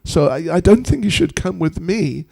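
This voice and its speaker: A man playing a patient cowherd father who gently reasons with his small son in a retold sacred story. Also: fairly high pitch, lively intonation, moderate pace, creaky. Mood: coaxing.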